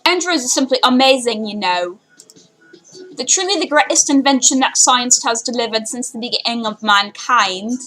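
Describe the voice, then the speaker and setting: A woman's voice: on the high side, brisk, a bit bright, faint music behind, rough recording. A woman voicing an enthusiastic young man who lectures about androids in an odd put-on accent. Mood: gushing. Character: android-obsessed young male classmate.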